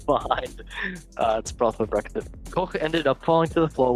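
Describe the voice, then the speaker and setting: A man hosting a casual football news chat, reading headlines with jokey asides and stumbles. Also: mid-range voice. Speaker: show host.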